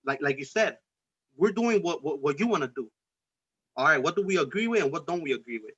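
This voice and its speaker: A man's voice: on the high side, animated, fairly quick, pushed and bright, breathy edge. A man hosting a casual political podcast chat, talking in a heated, profane, rambling way with many restarts. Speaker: podcast host. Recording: dull lo-fi recording.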